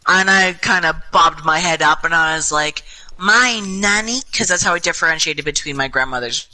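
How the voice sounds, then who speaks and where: A woman's voice: low voice, fairly even intonation, a little fast, sharp tone, low-quality recording. A young woman telling a rambling, self-mocking story in casual chat over voice chat while gaming. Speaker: gaming group member.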